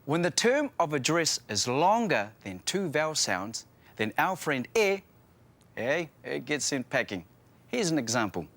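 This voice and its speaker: Animated, playful New Zealand man presenting. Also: a little high, measured pace. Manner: playful, joking. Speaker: language show co-host. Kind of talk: lively language lesson presenting.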